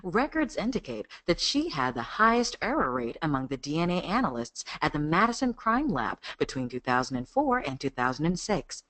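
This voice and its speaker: A lower, weightier American documentary voice, as a woman puts it on. The delivery is grave and measured, with an older-sounding maturity. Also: big pitch swings, fairly bright tone, exaggerated voice.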